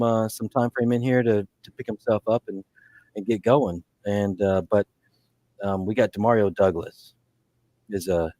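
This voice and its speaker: This podcast co-host has a lowish, mellow voice and rambles through easygoing fantasy sports talk, constantly restarting his sentences and leaning on fillers. There's no room sound.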